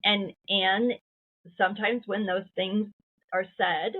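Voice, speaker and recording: A middle-aged woman co-hosting a podcast, talking reflectively and drawing out key words slowly. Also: medium pitch, steady tone, husky. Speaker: podcast co-host. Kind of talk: casual conversation. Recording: tinny phone-like sound.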